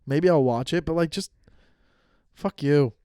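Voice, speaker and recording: A man in his thirties tells a long personal story on his podcast. He swears freely and acts out his own quotes with energy. His voice sits a little high and comes across dry and close. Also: a little slow, warm tone, clear, resonant tone, no room sound. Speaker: podcast host. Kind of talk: casual storytelling monologue.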